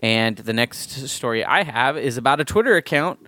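A man hosting a podcast in casual chat, talking in an animated, excitable way that jumps up in pitch when he makes a point. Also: normal speed, slight background noise. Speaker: podcast host.

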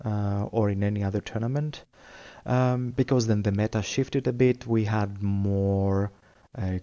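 A man with a low, mellow voice chats as a podcast guest, hesitating often and filling pauses with fillers. The sound is dull and lo-fi. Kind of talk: casual chat.

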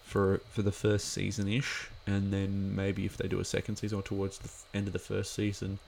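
A man's voice: low voice, monotone, a little fast, vocal fry, darkish tone, a little hiss or hum. A man giving a casual watch-along commentary of an episode, chatty and rambling with lots of filler words.

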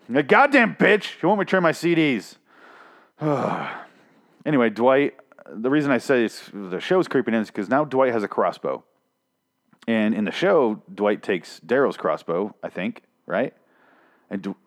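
A man recapping a comic in a casual, profane, sarcastic and rambling way. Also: medium pitch. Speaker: podcast host recapping a comic.

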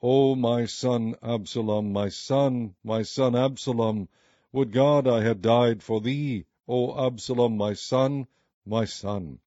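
A man voicing a grieving old king who mourns his son, with slow, drawn-out lamenting speech. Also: mid-range voice, dark tone, dry recording, close to an everyday voice. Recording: muffled recording with faint music.

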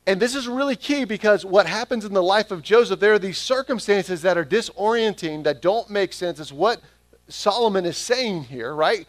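A man's voice: high voice, no room sound. A man preaching a sermon, stressing his key phrases by repeating them back to the congregation. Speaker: pastor.

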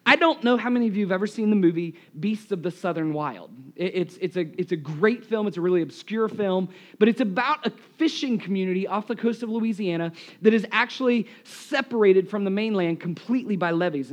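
A man with a high voice preaches to his congregation. He is losing his voice and sounds hoarse. He tells lively, self-mocking stories into a live microphone in a church. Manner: animated, self-deprecating storyteller. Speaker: pastor. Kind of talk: live sermon with storytelling.

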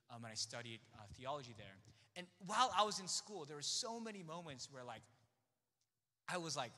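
Animated young man telling his testimony. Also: a little high, in a large hall. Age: young adult. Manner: animated storytelling, acting out quoted voices, frequent fillers. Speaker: theology graduate sharing his testimony. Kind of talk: personal testimony.

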